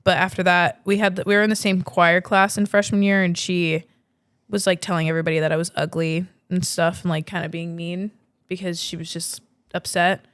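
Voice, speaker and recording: A woman's voice: lowish voice, flat delivery, fairly quick, clear, resonant tone, no echo, studio quality. A woman in her twenties, a podcast host, telling a story in a chatty way full of "like" and swearing. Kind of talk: casual storytelling.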